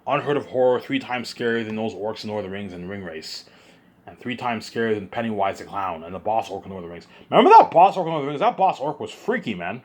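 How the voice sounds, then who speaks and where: A man's voice: on the low side, expressive, quick pace, a little mellow. A man vlogging in a rambling monologue, hyped up and repeating himself as he circles back to the same points.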